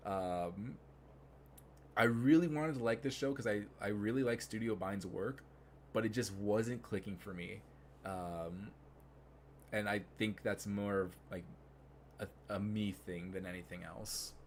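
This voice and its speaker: A man's voice: fairly low pitch, unhurried, a little hiss or hum. A young man streaming live, rambling casually with many fillers and restarts.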